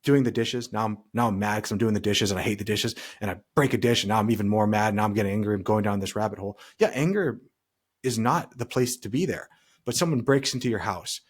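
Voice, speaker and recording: A man's voice: on the low side, fast talker, slightly rough. A man co-hosting a podcast in casual chat, rambling and talking through hypothetical scenarios. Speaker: podcast co-host.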